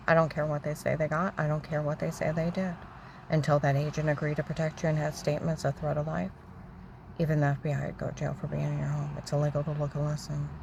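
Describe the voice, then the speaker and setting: A woman telling a long, rambling, agitated story about her own grievances, repeating herself and acting out other people's shouting. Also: sits low, slight background noise, poor audio. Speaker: storyteller recounting personal grievances. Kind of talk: rambling personal monologue.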